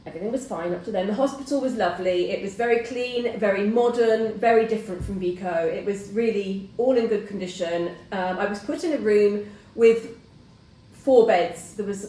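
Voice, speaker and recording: A middle-aged woman hosting a casual chat, telling a personal story in an animated way and acting out the voices of people in it. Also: medium pitch, slight background noise. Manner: animated storyteller who acts out quoted voices. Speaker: host. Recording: roomy, distant mic.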